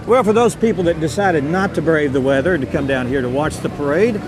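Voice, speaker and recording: A man's voice: fairly high pitch, fast. A man doing live TV commentary at an outdoor parade, easygoing and joking. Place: outdoors at a street parade in the cold. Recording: outdoor street with background noise.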